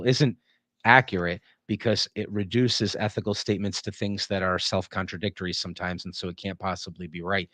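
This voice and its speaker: Animated man lecturing on ethics. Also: medium pitch, no echo. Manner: animated, acts out example tones of voice. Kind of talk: classroom philosophy lecture.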